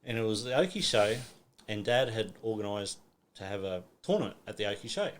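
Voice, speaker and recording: A man's voice: fairly low pitch, expressive, a little fast. A middle-aged Australian man telling a story in casual chat, acting out quotes and swearing a lot. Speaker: podcast guest.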